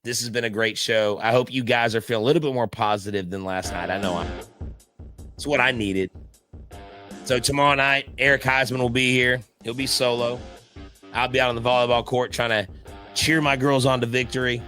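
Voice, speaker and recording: A man's voice: mid-range voice, fairly even intonation, brisk, sharp tone, faint music behind. A male podcast host, giving fired-up sports commentary in an emphatic pep-talk style full of rhetorical questions. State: hyped up.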